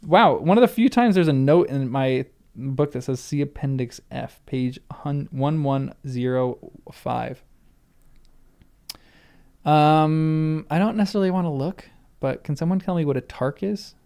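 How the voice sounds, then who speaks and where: A man's voice: on the high side, a little slow, dark tone, clean tone. A man reading a novel aloud for the first time, breaking off for chatty asides and correcting his own slips. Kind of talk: reading aloud with casual commentary.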